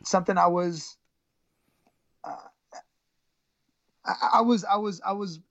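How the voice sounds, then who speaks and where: A woman who coaches high school wrestling tells a story in an interview, halting and repeating words. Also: no echo. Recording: dull, slightly lo-fi sound.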